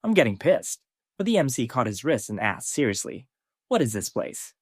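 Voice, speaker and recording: A man narrating a scripted story recap, reading characters' lines with heightened pitch. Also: very animated, normal speed, no echo, studio quality.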